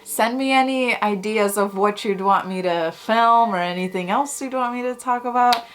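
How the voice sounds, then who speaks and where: A young woman vlogger chatting to camera, telling personal stories in a casual, excitable way full of fillers. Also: fairly high pitch, moderate pace. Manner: chatty, many "like"s and "oh my God"s. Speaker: YouTube vlogger.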